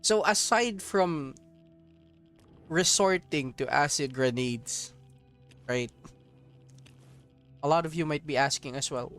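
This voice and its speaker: A man's voice: fairly high pitch, slow, long pauses, fairly bright tone, faint music behind. A man streaming a mobile game, giving casual, joking commentary to his viewers. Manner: joking, profane, talks to viewers as homies.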